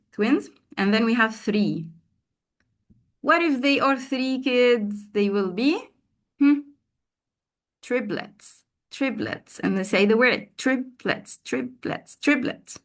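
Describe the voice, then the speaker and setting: Woman, teacher trainer, slow unhurried delivery, drills words by repeating them, video call. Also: on the high side. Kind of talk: online teacher training session.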